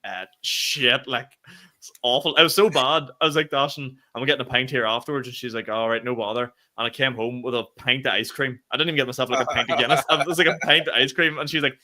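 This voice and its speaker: A young Northern Irish man and comedian co-hosting a podcast, telling stories in casual chat with quick swearing asides. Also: medium pitch, steady tone, pushed and bright. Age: young adult. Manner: quick storytelling with swearing and fillers.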